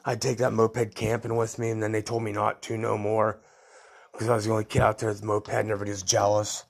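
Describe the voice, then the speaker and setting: A middle-aged man with a gravelly, husky voice, telling his own stories in a loose, rambling way. He talks casually, at a middle pitch, and chuckles at his own tales. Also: level tone, fairly quick. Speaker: podcast host. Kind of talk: casual storytelling.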